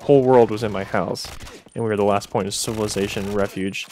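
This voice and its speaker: A man's voice: on the low side, fairly even intonation, fast talker, dark tone, a little hiss or hum. A young man answering viewer questions in a casual, chatty way, with joking asides. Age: young adult. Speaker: gaming video creator.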